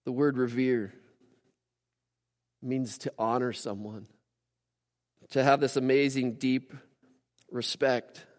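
A man preaching a casual, animated sermon as a pastor, with lively asides to the congregation. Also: medium pitch, takes it slowly, long pauses, long reverb tail. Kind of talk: conversational sermon.

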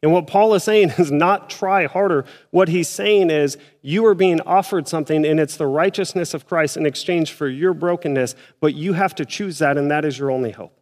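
A man's voice: a little high, normal speed, hardly any pauses, big-room sound. A male pastor preaching a sermon in a church, speaking in a conversational way and acting out his listeners' doubts. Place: church auditorium.

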